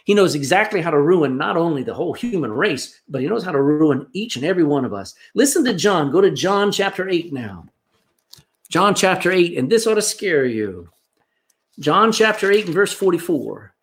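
Animated male preacher, lively pitch. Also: moderate pace. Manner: animated preaching, swings between loud emphasis and hushed asides. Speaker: pastor. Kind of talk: sermon.

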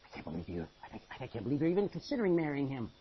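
A woman's voice: very deep voice, big pitch swings, rapid-fire, breathy edge, pitched below the performer's own voice, exaggerated voice. Gossiping young woman, sneering and dismissive, put on by a preacher. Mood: scornful. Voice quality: scornful, mocking. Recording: muffled lo-fi recording.

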